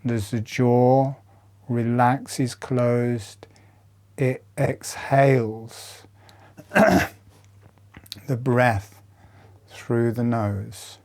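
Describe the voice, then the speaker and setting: A man leading a guided breathing meditation, giving calm instructions softly with long pauses. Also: medium pitch.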